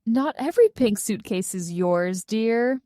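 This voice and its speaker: A woman voicing a kindly older woman traveler who gently teases a young girl. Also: on the high side, expressive, measured pace, no echo, clean studio sound. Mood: amused. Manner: gentle, teasing.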